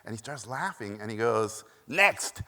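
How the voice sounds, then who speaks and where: A man's voice: medium pitch, moderate pace, fairly bright tone. A man from Mexico giving a conference keynote, telling stories animatedly with many "uh" fillers and acted-out quotes, in a large echoey hall. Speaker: keynote speaker. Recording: echoey hall from a stage mic.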